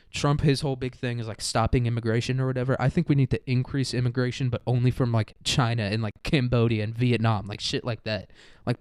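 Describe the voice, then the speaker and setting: A man's voice: medium pitch, a little mellow, smooth, no echo. A man rambling through a crude, profane comedic monologue, full of "like" and "dude". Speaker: podcast host.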